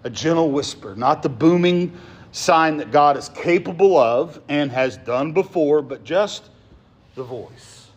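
A man preaching a sermon as pastor, swinging from emphatic lines to soft, hushed ones and often asking his listeners "right?". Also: on the high side, lively intonation, measured pace.

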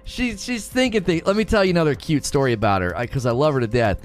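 A man in his thirties casually telling stories to his stream, animated and self-mocking, laughing often. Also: on the high side, fast, faint music behind. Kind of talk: casual storytelling to a live stream.

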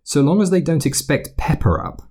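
A man putting on a fussy elderly nurse, her voice lifted well above his own and scolding with exasperation. She is stern and brisk, the kind who frets over tired children, read as a voiced part in a storybook reading. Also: a little high, animated, darkish tone, breathy edge, voice pushed up.

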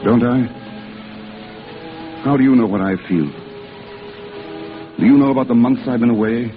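A lovesick young man from a 1940s picture, played by an actor, clowning and then halting and sincere. A mid-pitched voice on a thin, phone-like soundtrack with music underneath. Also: lightly acted. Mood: earnest. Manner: playful clowning, then halting, earnest confession. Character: young man home from service, joking and lovesick. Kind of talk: 1940s film acting. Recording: tinny old film soundtrack with music.

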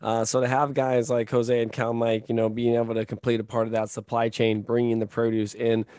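A man's voice: mid-range voice, little pitch movement, brisk, a little mellow, no echo, studio quality. A man hosting a casual produce-industry podcast, talking energetically with many fillers and tag questions like "right?". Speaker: podcast host.

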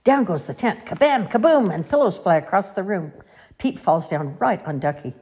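Husky woman reading children's stories. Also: lowish voice, moderate pace. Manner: expressive, sing-song. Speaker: storyteller. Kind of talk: children's story read-aloud.

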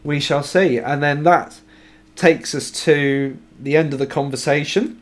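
A man's voice: a little high, fairly even intonation, unhurried. A man co-hosting a podcast, chatting casually about a novel and reading out passages with enthusiasm. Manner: enthusiastic, chuckling, reads quotes aloud. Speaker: podcast co-host discussing a novel. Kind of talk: casual book-club chat.

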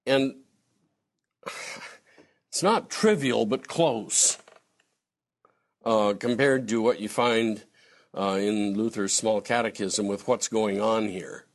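A man's voice: fairly low pitch, takes it slowly, long pauses. A man lecturing on theology in a conversational, digressive way, answering a question from the floor. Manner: digressive, animated, breaks into acted quotes.

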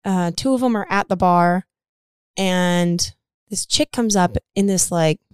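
Smooth-voiced woman telling a story. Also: lowish voice, unhurried, dry recording, studio quality. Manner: rambling, swears freely, lots of "like". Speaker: podcast co-host. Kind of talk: casual storytelling chat.

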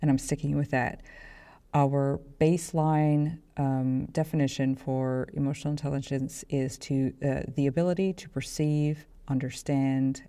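A woman hosts a professional development podcast in a low, mellow voice with a gravelly edge. She talks in a chatty, self-deprecating way, stopping and restarting as she goes. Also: steady tone, a little slow. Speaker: podcast host.

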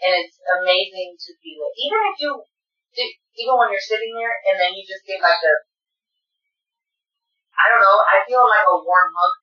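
A woman's voice: medium pitch, normal speed, distant mic. A woman, telling a personal story in an emotional, earnest way, often close to tears. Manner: tearful, earnest, addresses listeners directly. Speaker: guest. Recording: echoey, dull room sound from off-mic.

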